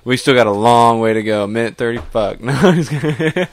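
A man's voice: mid-range voice, brisk. A man hosting a casual podcast chat, dropping jokes and laughing. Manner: laughing, joking interjections.

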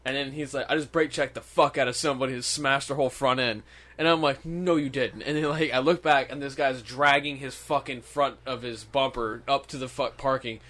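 A man's voice: medium pitch, steady tone, a little fast, a bit bright. Young man telling a rowdy story. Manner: laughing, storytelling with acted quotes. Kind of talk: casual profane banter.

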